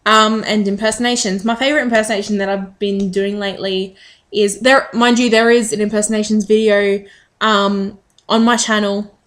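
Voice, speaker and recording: A woman's voice: mid-range voice, level tone, normal speed. Chatty woman vlogging. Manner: chatty, rambling, frequent ums. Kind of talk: casual chat to camera.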